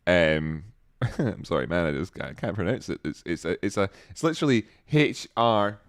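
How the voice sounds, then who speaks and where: A man hosting a livestream, chatting casually and reading out viewer comments with jokes and sudden excited exclamations. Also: deep voice, moderate pace, no room sound, clean studio sound. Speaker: livestream host.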